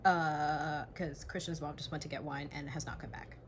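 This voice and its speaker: A woman's voice: low-pitched, normal speed, a little hiss or hum. Gushing young woman reacting to a book. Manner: excitable, gushing, swears, drops to whispers. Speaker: book vlogger. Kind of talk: casual reading vlog reactions.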